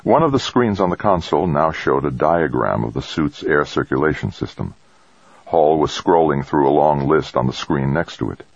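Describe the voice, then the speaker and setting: A man narrating an audiobook in a steady, measured way. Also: rumbling low, vocal fry, no echo, highs cut off. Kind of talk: scripted narration.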